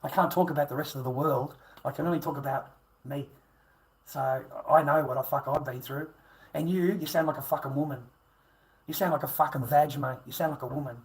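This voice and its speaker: A man's voice: a little high, fairly even intonation, a little fast, vocal fry, poor audio. A middle-aged man ranting crudely on a livestream, swearing constantly and taunting viewers. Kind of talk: profane livestream rant.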